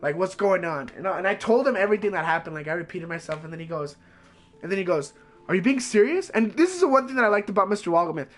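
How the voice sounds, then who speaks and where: A streamer with a high male voice tells a story loosely, swearing constantly. His delivery is animated and rambling, packed with fillers. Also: very fast. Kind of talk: casual storytelling.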